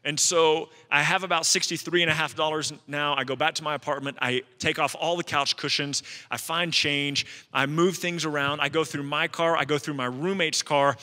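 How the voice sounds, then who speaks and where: A man's voice: a little high, steady tone, moderate pace, sharp tone, long reverb tail. A man preaching a sermon as a pastor, telling a personal story in a conversational way with asides to the congregation. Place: church sanctuary.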